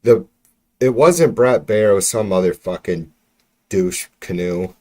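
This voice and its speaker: On a livestream picked up by his computer mic, a man rants about politics, profane and exasperated, restarting often. His voice sits low, expressive and darkish, at a measured pace.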